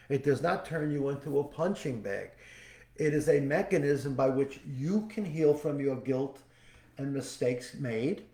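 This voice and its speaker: A man's voice: mid-range voice, warm tone. A man hosting a podcast, giving a spiritual teaching talk as a folksy storyteller who repeats his key phrases. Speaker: podcast host and psychic medium. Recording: echoey room.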